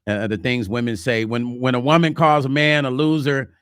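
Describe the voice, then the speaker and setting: A man hosting a casual livestream vlog, reading viewer comments and talking relationships in a chatty, animated way. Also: mid-range voice, normal speed, smooth, no room sound, studio quality. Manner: chatty, animated, slips into mock quotes. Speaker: vlog host.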